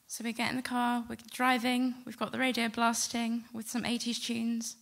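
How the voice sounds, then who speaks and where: A middle-aged woman telling a personal story to a live audience, animated and acting out the quotes. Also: on the high side, moderate pace, gravelly. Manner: lively, animated retelling with acted-out quotes. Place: stage before a live audience.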